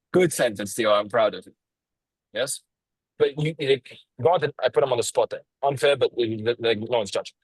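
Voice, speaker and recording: A man coaching on a video call, talking bluntly and swearing freely, with a lively tonality, deliberate pauses and stressed words. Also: medium pitch, husky, no room sound, poor audio. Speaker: sales coach.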